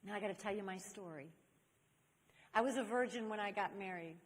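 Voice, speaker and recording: A woman's voice: mid-range voice, brisk. An older woman giving a personal testimony talk to young people at a church convention. She tells her story animatedly and acts out the people in it. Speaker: speaker at a church youth convention. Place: large convention hall. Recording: long hall reverb.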